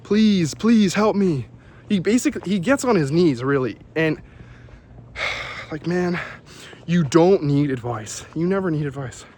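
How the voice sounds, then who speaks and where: A man's voice: fairly high pitch, animated, a little slow, long pauses, darkish tone. A man rambling through a casual vlog while walking outdoors on a city street, often losing his train of thought. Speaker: vlogger.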